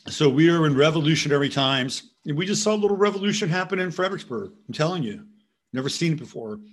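A man's voice: fairly high pitch, lively intonation, fast talker. A man hosting a casual commentary show, rambling from topic to topic and now and then talking to his dog. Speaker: host.

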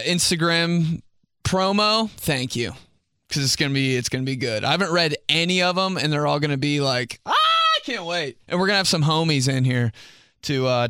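A man's voice: on the high side, sharp tone, clear, resonant tone, no echo, clean studio sound. A man in his twenties hosting a podcast in casual comedic chat, laughing often and slipping into voices. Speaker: podcast host.

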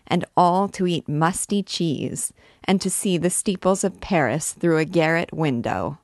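A woman's voice: lowish voice, a little slow, darkish tone, dry recording, clean studio sound. A woman reading aloud, voicing a mischievous young male student with a playful, teasing manner.

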